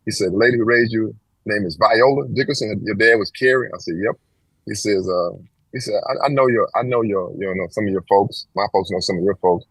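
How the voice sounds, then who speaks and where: This interview guest, a man from Texas in his sixties, speaks a little fast in a husky voice, animatedly telling a long personal story and voicing its characters with wide pitch jumps. The audio is poor, though it has no echo.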